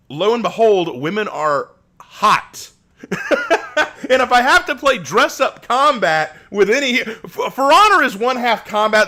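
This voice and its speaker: A young man live-streaming, reading chat aloud and answering with joking, rambling banter. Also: medium pitch. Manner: animated, joking, rambling with frequent repeats.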